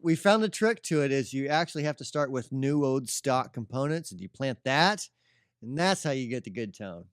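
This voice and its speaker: A man's voice: medium pitch, lively intonation, brisk, clear, resonant tone, dry recording, studio quality. A man from Indiana with a slight drawl, co-hosting a casual podcast chat, joking and laughing often. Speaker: podcast co-host.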